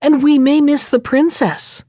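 Brief: fretful, impatient young hero in a fairy tale, pitched high, read by a woman. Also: fairly even intonation, unhurried, warm tone, no room sound, studio quality. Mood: protesting. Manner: fretful, protesting. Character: impatient young man on a quest.

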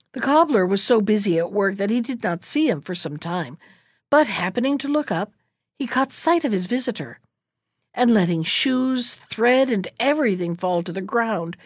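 Female fairy-tale reader, animated delivery, dry close mic. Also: medium pitch, dry recording. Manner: expressive, storytelling.

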